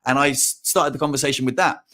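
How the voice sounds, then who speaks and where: A man's voice: medium pitch, fairly even intonation, pushed and bright. Man chatting casually on a video call. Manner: halting, many restarts and fillers. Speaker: podcast co-host.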